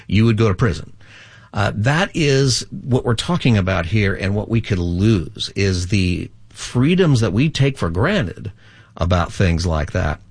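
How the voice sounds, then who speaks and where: Call-in host, male, lowish voice, dry close-miked studio sound, steady explainer. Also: no room sound. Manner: steady, explanatory, reads out the phone number. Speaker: radio call-in show host, pastor. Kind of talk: radio call-in talk.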